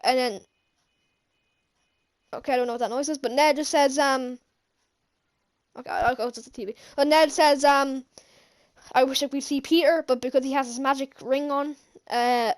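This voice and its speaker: A high-pitched woman vlogger gushes through an excited, rambling movie recap. She fills it with lots of fillers and restarts.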